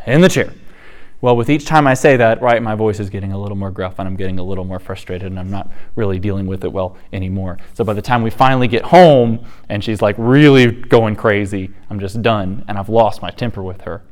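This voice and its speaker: A man in his thirties giving a conversational church teaching, telling family stories with animated, laughing asides. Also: fairly low pitch. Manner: storytelling, animated, acts out quotes with laughter.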